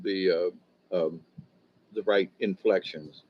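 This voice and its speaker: A man's voice: deep voice, steady tone, slow, slight background noise. An older man giving a rambling spiritual talk on a long livestream, chuckling often, with speech shaped by missing teeth. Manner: meandering, chuckling, with many fillers and restarts. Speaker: spiritual teacher. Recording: dull lo-fi stream audio.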